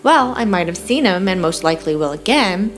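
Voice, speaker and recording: A kind homeless man with a playful, teasing manner, voiced by a woman reading an audiobook. The voice sits on the lower side. Soft music plays faintly underneath. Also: expressive, fairly quick, close to an everyday voice. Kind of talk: audiobook dialogue.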